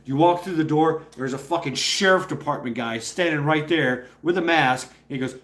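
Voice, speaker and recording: A man's voice: fairly high pitch, normal speed. A man ranting loosely to a livestream audience, swearing freely and tripping over his own words as he restarts sentences. He breaks into short impressions of other people as he goes. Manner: profane, rambling, with many restarts. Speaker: streamer. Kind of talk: casual livestream rant.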